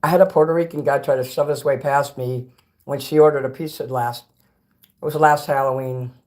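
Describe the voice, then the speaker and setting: A Chicago man chats on a livestream in a mid-range, steady voice at a slightly fast clip. He reads chat messages aloud and munches snacks between rambling, blunt remarks, cursing freely along the way.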